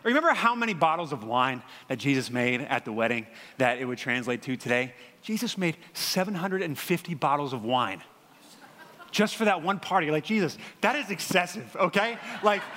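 Animated man preaching in a reverberant hall. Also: fairly high pitch, moderate pace, a little hiss or hum. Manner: conversational, animated storytelling with frequent fillers. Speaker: pastor. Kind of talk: sermon.

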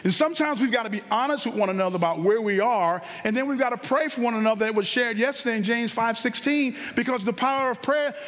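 A very high-pitched male pastor delivering a sermon. He speaks with punchy fervor and repeats words to drive his points home. A long hall reverb follows his voice. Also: quick pace, few pauses, fairly bright tone.

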